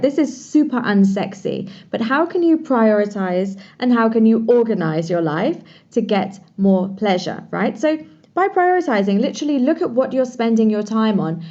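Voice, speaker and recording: A woman guest on a casual podcast, talking with eager, flowing warmth. Her voice is mellow and dark, heard through slightly dull, lo-fi audio, and her speech runs on in long, filler-laden stretches. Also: fairly high pitch, big pitch swings, moderate pace. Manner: enthusiastic, talks in long flowing runs with many "like"s. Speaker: podcast guest, pleasure coach.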